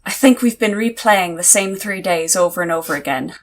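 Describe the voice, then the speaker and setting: Woman playing a softly confiding sailor. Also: lowish voice, brisk, lightly acted. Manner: soft, confiding, hesitant.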